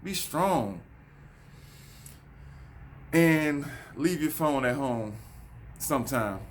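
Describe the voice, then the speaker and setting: A man's voice: a little high, lively intonation, very slow, slight background noise. Preachy man ranting to his viewers. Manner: preachy, repetitive, addresses viewers as folks. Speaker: vlogger. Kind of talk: casual monologue to camera. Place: outdoors near a road.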